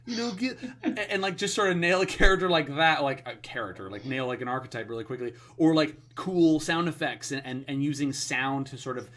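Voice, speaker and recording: A man's voice: medium pitch, brisk, fairly bright tone. A man co-hosting a podcast, talking in a rambling, enthusiastic way with lots of fillers. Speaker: podcast co-host. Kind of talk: casual podcast chat.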